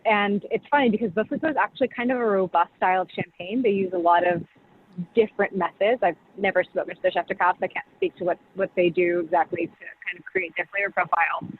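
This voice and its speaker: A woman's voice: lowish voice, fast, husky. A woman, a champagne brand director, talking casually over a video call and explaining tasting, with lots of "like" and "you know.". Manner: chatty, full of "like" and "you know". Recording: tinny video call audio with faint hiss.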